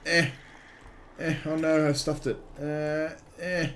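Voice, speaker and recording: A man's voice: fairly high pitch, flat delivery, takes it slowly, fairly bright tone, slight background noise. A man giving jokey let's-play commentary over a game, exclaiming and making silly sound effects. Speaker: gaming video host.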